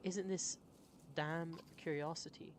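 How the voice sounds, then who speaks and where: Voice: medium pitch, steady tone, slow pace, slight background noise, lightly acted. A streamer voicing a weary, exasperated warrior messenger in a put-on Southern US accent over game music. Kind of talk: voicing game dialogue live.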